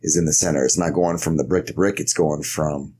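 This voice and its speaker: A man co-hosting a casual podcast, joking, swearing and quick to argue. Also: a bass voice, steady tone, a little mellow, slight background noise. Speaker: podcast co-host. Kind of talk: casual chat.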